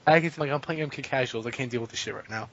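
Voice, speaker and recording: A man rambles through crude stories on a podcast, swearing freely and slipping into quick impressions. His voice is a little husky. The recording sounds muffled and lo-fi. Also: mid-range voice. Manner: profane, rambling storyteller, animated impressions. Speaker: podcast guest, fighting game player. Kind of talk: casual podcast chat.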